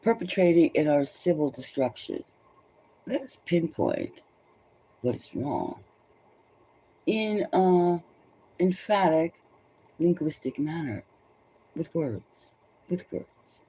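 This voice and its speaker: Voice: medium pitch, big pitch swings, slow, long pauses, dark tone, a little hiss or hum. A tarot reader giving rambling spoken commentary, emphatic and loose, often repeating phrases for stress. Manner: loose and conversational, many restarts.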